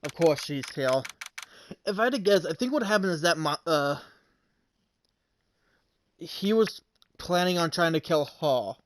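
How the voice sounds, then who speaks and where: Lively woman streamer reading game dialogue. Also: fairly low pitch, unhurried, pauses often, no echo. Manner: reads game dialogue aloud and reacts with shrieking laughter. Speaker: gaming streamer. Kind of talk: casual let's-play commentary.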